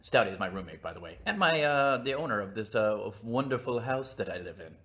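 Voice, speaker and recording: Goofy low-voiced man chatting. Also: animated, brisk, a bit bright. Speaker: vlog host reading live chat. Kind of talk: casual live-stream chat.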